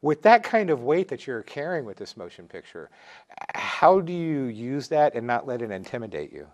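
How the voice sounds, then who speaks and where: A man's voice: medium pitch, very animated, moderate pace, darkish tone. A man hosting a casual panel interview, joking around and rambling with restarts. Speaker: host.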